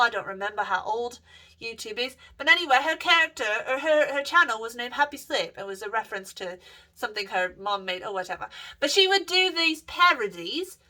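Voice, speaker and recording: A young woman vlogger rambling casually, swearing often and losing her thread with fillers and restarts. Her voice sits a little high, with a bright, sharp edge. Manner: profane, rambling, many fillers and self-corrections. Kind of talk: casual rambling vlog monologue.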